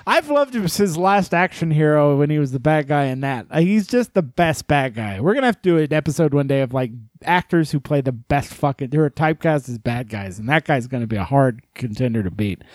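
A man co-hosting a casual podcast chat, excitable and profane, rambling through his points. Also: a little high, fairly quick, hardly any pauses, dry recording, clean studio sound. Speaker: podcast co-host.

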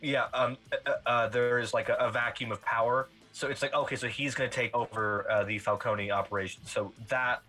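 A man's voice: mid-range voice, steady tone, brisk, hardly any pauses, pushed and bright, soft background music. A man talking enthusiastically on a podcast panel, acting out quotes and laughing often. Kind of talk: casual film discussion.

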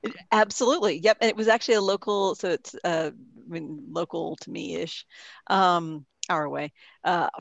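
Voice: mid-range voice, fairly even intonation, normal speed, gravelly, no room sound, highs cut off. A podcast co-host in a casual chat, rambling and laughing often.

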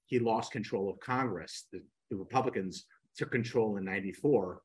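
Older guy w a low husky voice telling stories on a podcast, does little voices for people he quotes. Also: normal speed, low-quality recording. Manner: animated storyteller who acts out quoted speakers. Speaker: guest, real estate coach. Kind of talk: storytelling in a podcast interview.

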